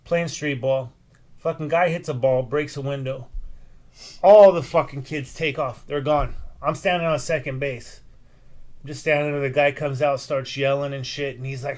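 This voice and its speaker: Middle-aged dude, mid pitch, telling sweary stories real laid-back. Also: male voice, fairly even intonation, moderate pace. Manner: profane storyteller, laid-back. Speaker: podcast co-host. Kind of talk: casual chat.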